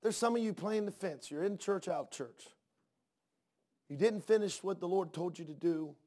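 Male preacher, high voice, sermon style, soft-to-loud fervent delivery, repeats words mid-build. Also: normal speed. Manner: swings from soft hush to loud fervent outbursts. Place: church.

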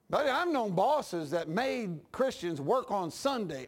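Male pastor, high and lively voice, folksy preaching with acted-out dialogue. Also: measured pace, few pauses. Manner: folksy storytelling preacher, acts out dialogue, laughs at his own jokes. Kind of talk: sermon.

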